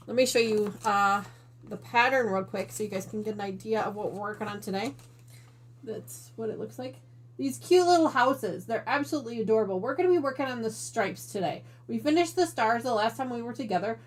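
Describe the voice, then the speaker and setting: A woman from Northern Illinois hosting a quilting live stream in casual chat, out of breath and chatty, with apologetic asides to her viewers. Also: fairly high pitch. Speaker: quilting channel host.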